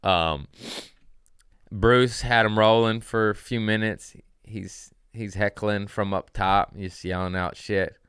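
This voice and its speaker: Low-voiced profane comedian host. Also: male voice, fairly even intonation, slow pace, fairly bright tone, smooth, dry recording, clean studio sound. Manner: profane, rambling and wry. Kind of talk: casual storytelling monologue.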